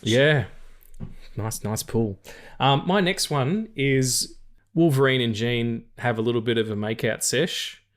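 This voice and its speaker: A man chatting about films as a podcast co-host, with a voice of ordinary middle pitch. He jokes around, swears freely and breaks into laughter often. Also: slow pace. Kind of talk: casual film chat.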